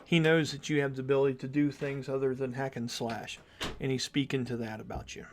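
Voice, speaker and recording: A man's voice: mid-range voice, flat delivery, brisk, a little hiss or hum. A man narrating as game master in a tabletop game, casual, thinking aloud with fillers.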